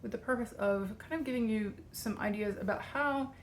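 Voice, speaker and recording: A woman's voice: a little high, moderate pace, slight background noise. A woman, out of breath, hosts her channel and explains a tarot practice in a chatty, rambling way. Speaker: tarot coach and channel host. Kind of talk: casual video walkthrough.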